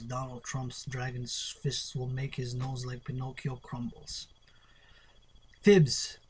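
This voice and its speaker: A man's voice: fairly high pitch, darkish tone, husky. A man reading a poetry glossary aloud, spelling out terms and improvising experimental poems, playful and drifting into murmurs. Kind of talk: solo spoken-word poetry lesson.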